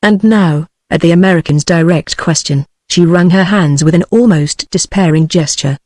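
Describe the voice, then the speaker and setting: A text-to-speech voice of a woman with a British English accent, reading a novel aloud in an even, steady way. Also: fairly low pitch, normal speed, no echo, clean studio sound. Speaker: audiobook narrator. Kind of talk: synthetic audiobook reading.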